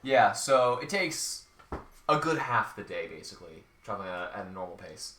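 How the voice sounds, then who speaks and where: A man runs a tabletop game with a bright, edgy voice. He narrates with halting ums and restarts. The sound is roomy, with the mic set back from him. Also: fairly low pitch, very animated, slight background noise. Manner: hesitant, frequent ums while describing the scene. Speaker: game master. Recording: echoey room, distant mic.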